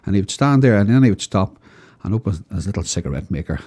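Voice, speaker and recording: A Northern Irish man tells stories on local radio in a low, husky, mellow voice. His pitch leaps and dips animatedly as he tells them. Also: fast talker. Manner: anecdotal storyteller, animated. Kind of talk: casual chat.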